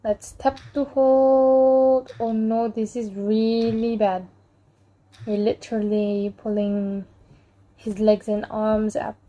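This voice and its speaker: A woman's voice: fairly high pitch, flat delivery, slow, warm tone, lo-fi sound. A woman casually commenting while playing a mobile game, playfully bossing around and threatening the game characters. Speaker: gameplay channel host.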